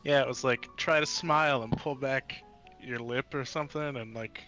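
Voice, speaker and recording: Bright-voiced man, dry and teasing. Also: medium pitch, fairly even intonation, normal speed, faint music behind. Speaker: stream guest. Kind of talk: casual chat.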